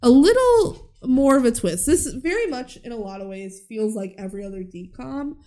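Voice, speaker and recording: Woman on a movie podcast, kinda high voice, doing little character voices and laughing a lot. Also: moderate pace. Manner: animated, acts out characters' lines, laughs often. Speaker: podcast co-host. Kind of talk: casual chat recapping a movie.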